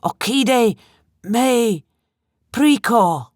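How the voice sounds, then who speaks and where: A woman's voice: expressive, extremely slow, dry recording, studio quality. A woman voicing a terrified captive man in armour who stammers and pleads desperately. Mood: pleading, terrified. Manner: stammering, desperate, high and strained.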